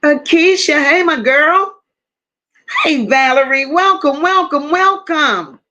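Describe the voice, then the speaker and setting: Woman w/ high voice doing livestream shoutouts, aave, calls everyone baby n boo, swears casually. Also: slow, lo-fi sound, slight background noise. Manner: warm, affectionate, calls viewers baby and boo; casual, swears freely, reads chat aloud. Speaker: livestream host. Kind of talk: live chat greetings.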